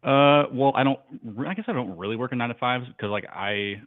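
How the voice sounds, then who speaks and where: A man's voice: mid-range voice, fairly quick, no room sound. A man calling in to a live show, rambling in a laid-back way with lots of fillers. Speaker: caller. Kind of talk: casual call-in chat. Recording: tinny phone line.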